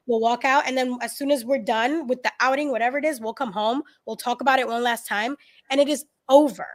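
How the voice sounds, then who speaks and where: Woman, podcast guest, casual storytelling, animated, laughs often, fairly high voice. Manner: animated, laughing, quick to act out quotes.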